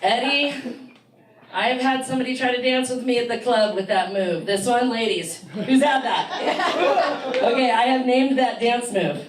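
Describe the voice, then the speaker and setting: A woman's voice: fairly high pitch, a little slow. A woman doing stand-up comedy in a small theater, brash and chatting with the crowd. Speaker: stand-up comic. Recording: echoey room, mic from far, noisy.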